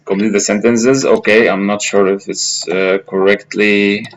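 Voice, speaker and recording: Slow, halting man with many fillers. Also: fairly low pitch, level tone, dull audio. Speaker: instructor. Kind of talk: screen-recorded software tutorial.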